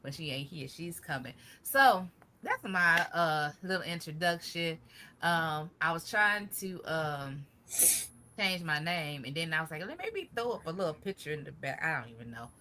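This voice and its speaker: A woman's voice: sits low, animated, moderate pace, bright, forceful tone, a little hiss or hum. A woman co-hosting a casual gardening livestream, chatty and loose, greeting viewers with plenty of "y'all". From Michigan. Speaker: livestream co-host. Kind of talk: casual chat.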